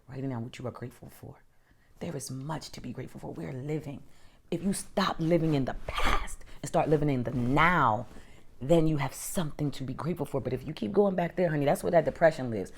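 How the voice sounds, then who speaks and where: A woman hosting a podcast, delivering an emphatic, encouraging self-help monologue that swings between loud emphasis and soft, near-whispered lines. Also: sits low, slight background noise. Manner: emphatic and encouraging, addresses listener as honey and girl. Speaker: podcast host.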